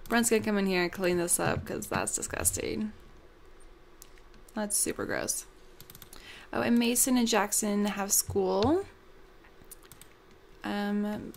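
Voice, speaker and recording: A woman's voice: mid-range voice, gravelly, slight background noise. A young woman hosting a casual gameplay commentary, bubbly and gushing, with lots of ums. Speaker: let's play host.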